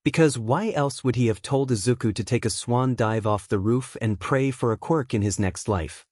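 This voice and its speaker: A man reading a dark fan fiction story aloud as narrator, in a steady, even storytelling manner. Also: mid-range voice, normal speed, no echo, clean studio sound.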